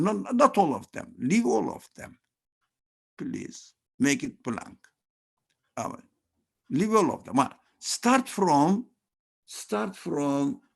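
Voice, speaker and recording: A man with a gravelly, somewhat husky voice guides a study group through a religious text. He speaks slowly, with a lively, rising and falling pitch. He is earnest and emphatic, and his speech is halting as he searches for words. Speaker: study circle leader.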